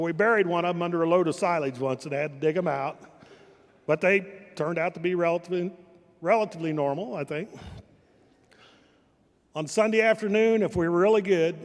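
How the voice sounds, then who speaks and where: An older man from Kansas spins deadpan family stories, stopping to correct himself mid-sentence. His voice sits high for a man. It rings with the long echo of a large event hall. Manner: dry storytelling with self-corrections. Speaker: family member giving a speech. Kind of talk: humorous anecdotal speech. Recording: reverberant hall.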